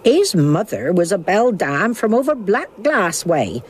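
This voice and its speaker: A woman's voice: medium pitch, very animated, measured pace, slight background noise. A woman voicing a cheerful, bawdy old witch in a cartoon, teasing and gossipy with a chuckle. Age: older. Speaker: village witch, mother. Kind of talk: animated cartoon voice acting.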